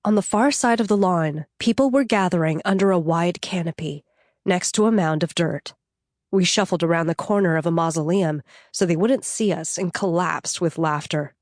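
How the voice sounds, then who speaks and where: A woman reads a novel in the first person, measured and even, in a lowish voice. The sound is close and dry, with no room around it. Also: no room sound. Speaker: audiobook narrator. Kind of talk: first-person audiobook narration.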